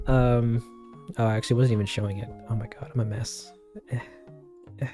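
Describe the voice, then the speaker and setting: A man's voice: mid-range voice, steady tone, fairly quick, long pauses, dark tone, soft background music. A man chatting casually on a livestream to his viewers, rambling, giggling and poking fun at himself as he answers comments. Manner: rambling, giggly, self-deprecating.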